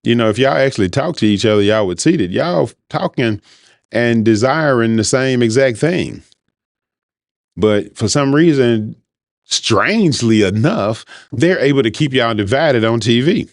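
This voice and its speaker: A man's voice: medium pitch, expressive, measured pace, no room sound, studio quality. A man hosting a show, talking in a loose, rambling, informal monologue. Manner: rambling, conversational, informal speech. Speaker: podcast host. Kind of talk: casual monologue.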